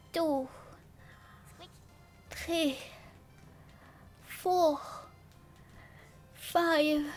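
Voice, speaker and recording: A sleepy woman vtuber with a high voice talks slowly through a casual late-night livestream. She yawns, rambles in a silly, playful way with nonsense rhymes, and counts her dumbbell lifts out loud.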